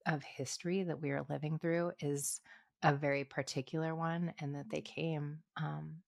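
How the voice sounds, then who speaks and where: Low-voiced, soft-spoken woman co-host. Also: little pitch movement, normal speed, gravelly, dry recording, studio quality. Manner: soft-spoken, affirming, thoughtful. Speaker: podcast co-host. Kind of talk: casual interview chat.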